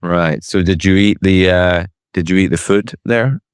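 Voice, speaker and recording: A man's voice: deep voice, a little slow, smooth, no room sound, clean studio sound. A man hosting a podcast, joking and mock-serious in casual interview chat. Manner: joking, mock-serious, slips into quoted voices. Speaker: podcast host.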